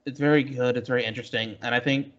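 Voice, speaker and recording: A man's voice: mid-range voice, steady tone, fast, fairly bright tone. A man co-hosting a casual comic review podcast, rambling with many likes and restarts, on a muffled, crackly mic. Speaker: podcast co-host.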